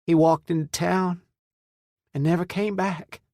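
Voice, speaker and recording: A man's voice: sits high, steady tone, unhurried, a little mellow, dry recording, studio quality, pitched above the performer's own voice. A man voicing a stern but loving middle-aged mother who scolds firmly. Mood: tearful. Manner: scolding, firm.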